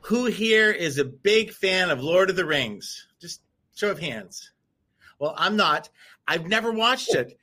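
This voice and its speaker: A man with a high, bright voice tells a travel story to a live audience. He rambles and restarts, but keeps the telling animated and casual. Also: measured pace. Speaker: co-host.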